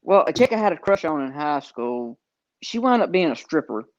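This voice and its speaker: A man's voice: fairly high pitch, sing-song, no room sound, highs cut off. A man with a Southern US accent, telling stories in casual chat with plenty of "uh" fillers. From American South. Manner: slow storytelling with frequent fillers. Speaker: podcast host.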